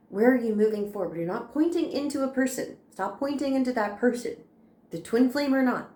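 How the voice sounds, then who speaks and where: Casual American woman tarot reader, warm low-key delivery, roomy sound. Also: fairly quick. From United States. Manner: chatty, reassuring, laughs often. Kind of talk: casual spiritual card reading.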